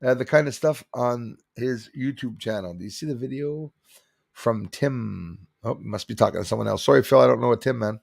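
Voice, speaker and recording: A man's voice: medium pitch, normal speed, gravelly, dry recording, studio quality. A middle-aged man from Canada hosting a casual livestream, rambling and reading viewer comments aloud. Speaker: livestream host.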